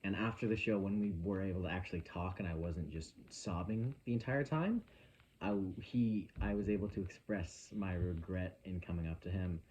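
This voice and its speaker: A young man vlogging into his phone, telling a story in an earnest, halting, emotional way with a casual rambling style. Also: low voice, darkish tone, lo-fi sound, slight background noise.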